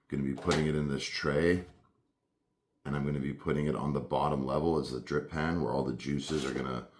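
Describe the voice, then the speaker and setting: A man's voice: very deep voice, slight background noise. A laid-back man hosting his own barbecue cooking vlog, chatting casually and thinking aloud as he works. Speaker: barbecue cook and show host.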